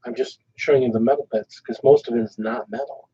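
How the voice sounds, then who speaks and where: A man's voice: medium pitch, fairly even intonation, fairly quick, mellow, breathy edge. A man chatting as the host's husband and co-host, tossing in dry, brief remarks. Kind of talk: casual chat. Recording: dull lo-fi stream audio.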